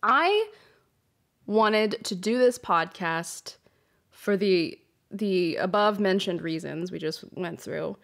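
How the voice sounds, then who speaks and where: A young woman hosts a podcast in a casual confessional monologue, blunt and unfiltered, swearing freely and often restarting her phrases. Her voice sits at an everyday middle pitch and comes through a hot, close microphone. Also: animated, slow, creaky. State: emotional, runny nose. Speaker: podcast host. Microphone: hot close mic.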